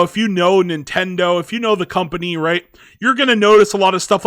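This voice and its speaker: Guy chatting thru a movie review, high bright voice, lots of likes and ums, dry sound. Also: no echo. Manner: rambling, lots of filler words. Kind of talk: casual movie review chat.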